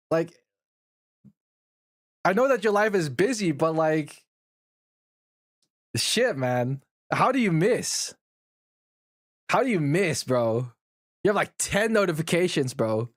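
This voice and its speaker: Male streamer with a raised pitch, swearing through an exasperated rant, dry close sound. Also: no echo. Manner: profane, ranting, exasperated complaining; laughs often at his own rant. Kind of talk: casual livestream chat.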